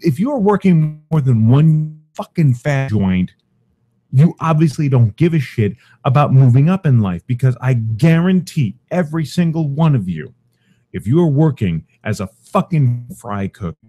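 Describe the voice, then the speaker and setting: Brief: young male podcast host, dark mellow tone, shouting a profane furious rant. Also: mid-range voice, big pitch swings, moderate pace. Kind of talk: angry ranting commentary.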